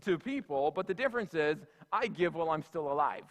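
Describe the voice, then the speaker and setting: A man voicing a wise old barnyard cow in a sermon story, answering in a slow, measured way. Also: fairly high pitch, animated, fairly bright tone, big-room sound. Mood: calm.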